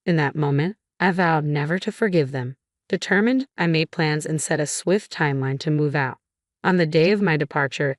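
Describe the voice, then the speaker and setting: A woman with a notably low voice narrates a first-person story in an even, measured way. The recording is dry and close, with no room sound around her. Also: no room sound.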